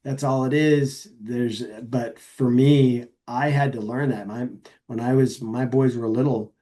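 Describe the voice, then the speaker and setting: Mellow-voiced earnest middle-aged man. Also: mid-range voice, steady tone. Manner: halting, many fillers and restarts; earnest, reflective. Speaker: podcast guest. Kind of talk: casual interview chat.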